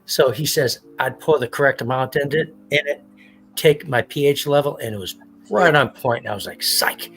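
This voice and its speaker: A man's voice: medium pitch, normal speed, a bit bright, faint music behind. Rambling, swearing man hosting a livestream. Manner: rambling, swears freely, acts out quotes. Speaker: livestream host. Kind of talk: casual chat.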